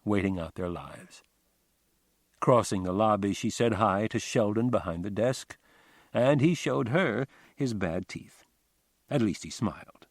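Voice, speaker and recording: A man's voice: fairly low pitch, no room sound. Man narrating a crime novel, dry and close. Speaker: audiobook narrator. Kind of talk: scripted narration.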